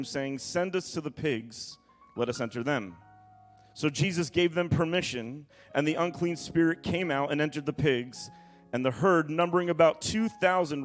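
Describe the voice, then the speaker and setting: A male pastor preaching a sermon, reading scripture aloud dramatically and breaking off into asides to the congregation. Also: a little high.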